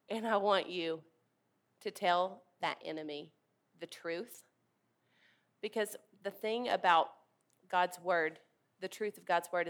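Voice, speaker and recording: A woman's voice: on the low side, fairly bright tone. A woman preaching a sermon in an earnest, emphatic way, leading her listeners to repeat words back to her. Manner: earnest, emphatic, leads the congregation in call-and-response.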